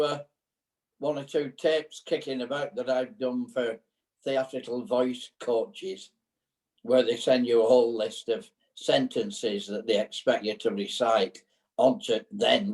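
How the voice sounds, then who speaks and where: A man's voice: medium pitch, a little mellow. Distant Lancashire man telling an anecdote. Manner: unhurried anecdotal. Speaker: dialect performer. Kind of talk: storytelling chat. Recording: distant from the mic.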